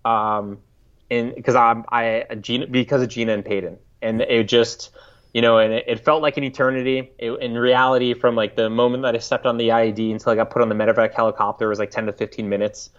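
A man in his thirties from the United States, a podcast guest recalling a story in a halting, reflective way, often restarting his sentences. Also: medium pitch, level tone. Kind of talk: casual interview storytelling. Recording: slightly dull lo-fi audio.

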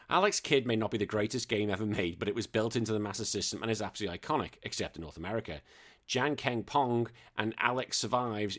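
A man hosting a podcast in casual chat, joking, swearing and laughing as he reads listener messages. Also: on the low side. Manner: swearing, jokey, laughs often. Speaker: podcast host.

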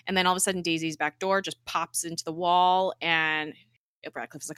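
A woman's voice: lowish voice, moderate pace, clean tone, dry recording, clean studio sound. A woman co-hosting a casual podcast, recapping a TV episode with lots of laughs and emotion. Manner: animated, laughing, tearful recapping. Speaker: podcast co-host.

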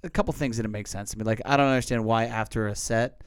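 A man co-hosting a casual podcast, telling rambling stories at his own expense and cursing freely. His voice is smooth and resonant, recorded close and dry with no room sound. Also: lowish voice, steady tone, fast, no echo. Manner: rambling, self-mocking storyteller with frequent cursing. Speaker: podcast co-host. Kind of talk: casual chat.

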